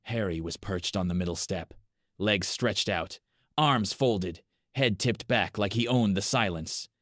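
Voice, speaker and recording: Guy reading a horror story, really low voice, dry close mic, slow and steady. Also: no room sound. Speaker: narrator. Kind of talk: scripted horror story narration.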